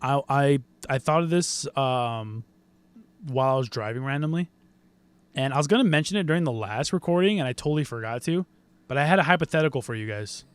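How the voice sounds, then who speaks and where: A man co-hosting a casual gaming podcast, joking and laughing often in quick banter. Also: mid-range voice, expressive, smooth, no room sound. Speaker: podcast co-host.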